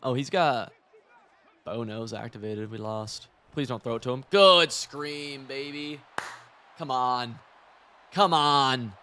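A young man giving loose, excitable commentary while playing a football video game, chatty and profane, laughing often. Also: medium pitch, measured pace. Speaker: gaming streamer. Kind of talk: live gameplay commentary.

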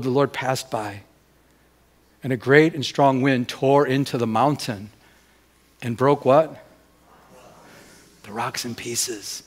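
A man preaching a sermon as pastor, putting questions to the congregation and moving between loud and hushed delivery. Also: mid-range voice, husky. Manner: asks the congregation rhetorical questions. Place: church during a Sunday service.

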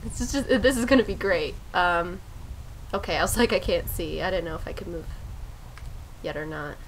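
A woman's voice: fairly low pitch, expressive, moderate pace, slight background noise. A young woman casually commentating a story game she plays, chatty, swearing a lot and laughing often. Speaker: gaming streamer. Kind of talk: casual let's play commentary.

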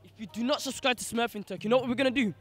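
A man's voice: extremely high pitch, racing, faint music behind. A man from Birmingham with a Birmingham accent, a guest comedian joking boisterously on the street. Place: street outdoors.

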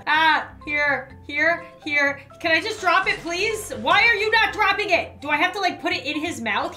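Young woman gamer, high bright voice, bouncy playful commentary, faint music behind. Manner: excitable, shrieks and laughs often; playful running commentary, talking to the animals. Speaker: gaming YouTuber. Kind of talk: playing a mobile game on camera.

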